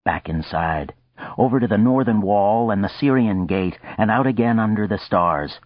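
Male audiobook narrator, low husky voice, steady deliberate reading, dull muffled audio. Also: no room sound. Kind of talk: scripted narration of a novel.

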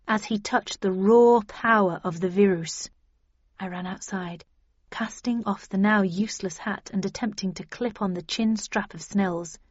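A woman's voice: medium pitch, slightly rough, dry recording. Woman narrating an audiobook, dull dry sound.

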